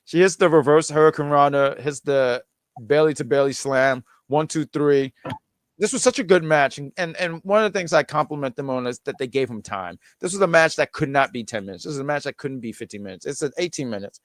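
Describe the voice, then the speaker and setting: A man's voice: on the high side, a little fast, dry recording, studio quality. A man hosting a podcast in casual chat, talking with enthusiasm and many stumbling restarts. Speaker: podcast host.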